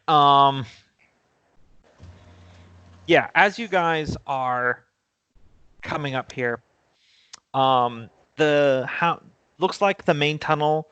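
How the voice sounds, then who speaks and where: A man's voice: a little high, extremely slow, long pauses, pushed and bright, clear, resonant tone, dry recording. A man acting as game master, talking casually and jokily and swearing offhand as he runs a tabletop game. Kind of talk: running a tabletop game over voice chat.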